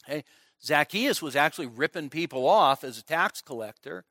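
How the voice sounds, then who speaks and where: A man's voice: a little high, expressive, normal speed, pushed and bright, no echo, studio quality. A male pastor preaching an expository sermon at a midweek church service, talking conversationally and often checking in with the congregation.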